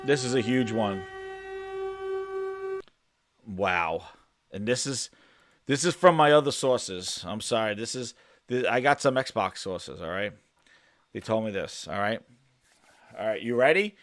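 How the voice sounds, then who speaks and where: A man hosting a casual gaming podcast, talking with mock-dramatic, sarcastic hype, stammering and trailing off quietly. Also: fairly low pitch, a little slow, pauses often, dry recording, studio quality. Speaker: podcast host.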